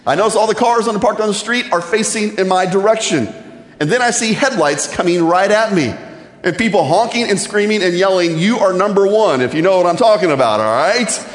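A man's voice: sits high, fairly quick. Joking preacher man in an echoey hall. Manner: conversational and joking, building to animated storytelling. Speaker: pastor. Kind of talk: sermon.

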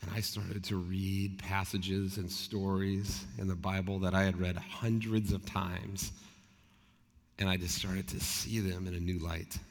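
Earnest preaching man, echoing hall. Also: low voice. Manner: earnest conversational preaching with rhetorical questions. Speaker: pastor. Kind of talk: sermon. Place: church sanctuary. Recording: long reverb of a large hall.

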